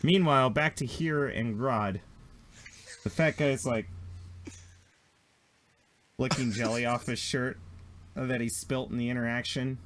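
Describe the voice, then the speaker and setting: A man narrating a tabletop game as game master, telling the scene in an animated way with quick asides. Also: medium pitch, noisy background.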